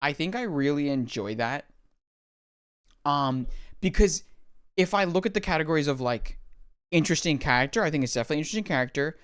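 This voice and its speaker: Rambling young male streamer, smooth voice. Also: on the high side, expressive, fairly quick, long pauses, fairly bright tone. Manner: apologetic, rambling, self-deprecating. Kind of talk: live stream reaction commentary.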